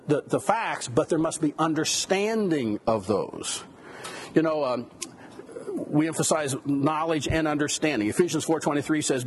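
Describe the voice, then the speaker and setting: A man's voice: a little high, a little hiss or hum. A man giving a conversational lecture on biblical counseling, with rhetorical questions and asides. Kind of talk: classroom lecture.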